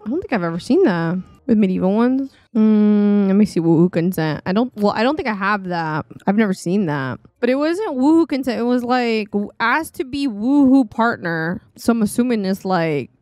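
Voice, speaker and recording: A woman giving casual, chatty commentary while streaming a life-sim game, exclaiming and reacting loudly. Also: medium pitch, lively intonation, normal speed, few pauses, no room sound. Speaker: gaming streamer. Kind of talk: casual let's-play commentary. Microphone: desktop studio mic.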